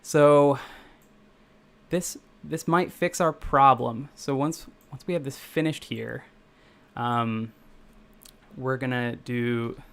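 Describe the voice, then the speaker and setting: A young Midwestern American man streams live as a game developer, casually chatting with viewers while he codes. His mid-range voice is slow and fairly even, with vocal fry and a clear, resonant, slightly bright tone. He rambles and corrects himself as he goes.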